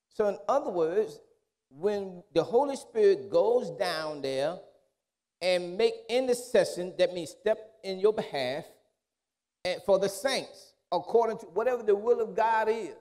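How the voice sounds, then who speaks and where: A man's voice: high voice, animated, moderate pace, mellow. A male pastor preaching a sermon in a conversational, repetitive style.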